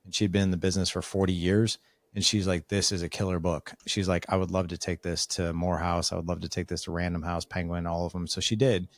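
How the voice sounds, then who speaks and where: A man's voice: sits low, fast talker, dry recording. A man talking as a podcast guest, telling a story casually and acting out the lines of people in it. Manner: animated storyteller acting out quoted dialogue.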